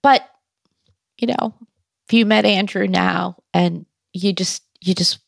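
A woman's voice: medium pitch, fairly even intonation, slow, creaky, dry recording, clean studio sound. A woman guest in an interview, telling a personal story in a candid, conversational way with wry humor.

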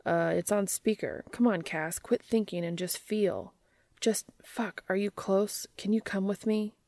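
A woman voicing a brash, eager adult man, speaking in a hushed, urgent way in an amateur audiobook reading. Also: medium pitch, steady tone, measured pace, no echo, close to an everyday voice.

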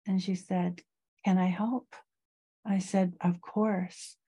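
A middle-aged woman, a guest in an interview, slowly and reflectively telling a personal story of loss. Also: lowish voice, little pitch movement, warm tone, breathy edge.

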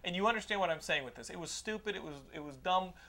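High-voiced rambling man swearing and laughing. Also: animated, fast, crowd noise. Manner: rambling, profane, laughing storyteller. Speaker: podcast host giving a movie recommendation. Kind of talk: casual podcast chat.

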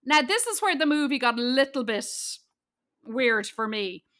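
Bright, high-voiced woman swearing freely. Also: expressive, moderate pace. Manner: blunt and swearing, with frequent ums. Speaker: podcast co-host. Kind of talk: casual chat reviewing a film.

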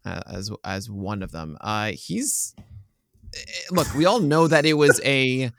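A man's voice: medium pitch, measured pace, creaky, dry recording. Man, podcast co-host, casual chat, joking, dry close sound. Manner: chatty, joking, trails off quietly.

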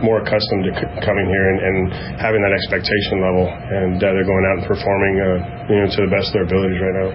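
A man speaking as a baseball manager and answering postgame questions haltingly, with many fillers. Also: deep voice, completely flat delivery. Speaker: baseball team manager at a postgame press conference. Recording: muffled press-room audio with background noise.

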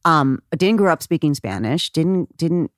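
Low-voiced woman telling animated stories. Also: moderate pace, no echo, studio quality. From Texas, United States. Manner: animated, laughs often, acts out quoted voices. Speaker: guest. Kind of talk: conversational interview storytelling.

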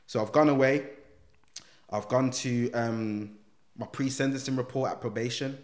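A man's voice: medium pitch, fairly even intonation, normal speed. A young man telling a story in casual chat. He acts out the other people's voices and uses slang. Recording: echoey room.

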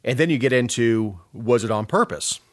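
A man's voice: mid-range voice, animated, moderate pace. A middle-aged man from Georgia co-hosting a casual political talk show, sarcastic and rambling, with frequent restarts.

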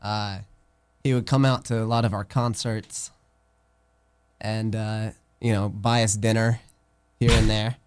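A man of middle pitch talking about his band in a casual interview. He slips in deadpan jokes and offhand asides while explaining plans. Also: measured pace, long pauses, smooth. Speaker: band member.

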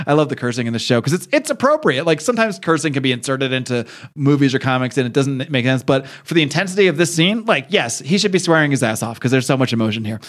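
A man's voice: medium pitch, fast talker, hardly any pauses. A man co-hosting a podcast, casually recapping a comic book and quoting its characters as he goes. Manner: animated retelling, quoting characters. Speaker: podcast co-host.

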